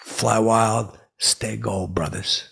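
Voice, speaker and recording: A man's voice: fairly low pitch, fairly even intonation, slow, heavy background noise, exaggerated voice. A man playing a brash, tipsy middle-aged podcast host who rambles and stammers through a comic story. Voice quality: gravelly, raspy. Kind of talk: comedic character monologue.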